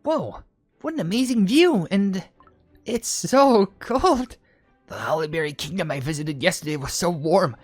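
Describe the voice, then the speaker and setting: A woman's voice: on the low side, expressive, measured pace, a little mellow, no echo, faint music behind. A woman voicing bubbly young female cookie characters in a game cutscene, with a perky, bouncy delivery. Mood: cheerful.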